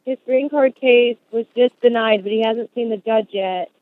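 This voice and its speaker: A woman calling in to ask a question, hesitant and pausing with ums, heard over a phone line. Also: fairly high pitch, dry recording. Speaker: caller.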